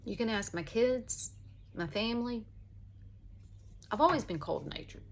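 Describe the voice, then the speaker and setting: A woman's voice: a little high, lively intonation, a little slow. A woman, chatting casually in a folksy, rambling way while doing her makeup at home. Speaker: vlogger.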